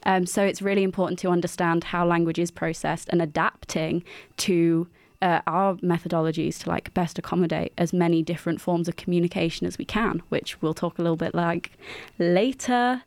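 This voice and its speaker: A woman's voice: fairly low pitch, steady tone, fairly quick, no echo. A young woman, co-hosting a radio show in giggly, chatty conversation. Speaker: radio co-host. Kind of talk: casual radio chat.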